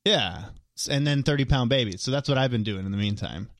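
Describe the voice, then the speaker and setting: A man's voice: mid-range voice, fast talker, no echo. A man in his thirties co-hosts a casual podcast, joking easily about raising twins. His voice swings widely up and down. The sound is dry and close. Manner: relaxed, joking, lots of fillers. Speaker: podcast co-host, father of twins. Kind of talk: casual chat.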